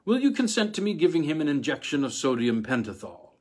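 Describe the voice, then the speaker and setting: A man's voice: on the high side, very animated, brisk, husky, pitched above the performer's own voice. A man voicing a patient, clipped psychiatrist explaining his methods. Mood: insistent. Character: brisk, patient male psychiatrist.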